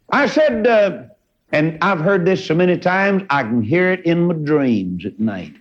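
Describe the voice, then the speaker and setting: A man's voice: high-pitched, very animated, measured pace. A man preaching a sermon in a fervent, folksy way, with sudden rises in his voice. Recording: dull lo-fi recording.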